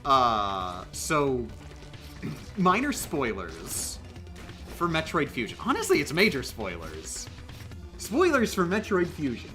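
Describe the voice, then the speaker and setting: Lively streamer, rambling with emphasis. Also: medium pitch, takes it slowly, soft background music. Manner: rambling, with frequent fillers and emphatic restarts. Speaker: livestreamer. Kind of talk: casual commentary on a live game stream.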